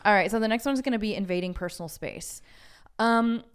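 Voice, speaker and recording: Smooth-voiced woman podcast co-host. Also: medium pitch, fairly quick. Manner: frank and talkative, calls herself loud. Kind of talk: casual chat.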